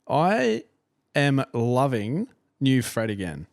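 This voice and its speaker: A man's voice: mid-range voice, big pitch swings, slow pace, dry recording, studio quality. Cheeky sweary Australian man. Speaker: podcast co-host. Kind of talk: casual banter.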